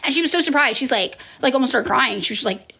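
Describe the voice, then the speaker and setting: Woman in her 30s chatting to viewers, slightly high voice, lots of ums and restarts. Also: expressive, fast, gravelly, pushed and bright, husky. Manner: conversational, frequent fillers and restarts. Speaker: political commentator. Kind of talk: casual chat answering viewers.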